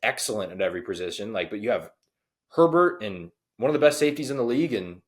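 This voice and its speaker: A young man co-hosting a casual sports podcast, talking fast and excitedly, often slipping into quoted voices. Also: on the low side. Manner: excitable, quick to quote others in a dude-voice. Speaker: podcast co-host.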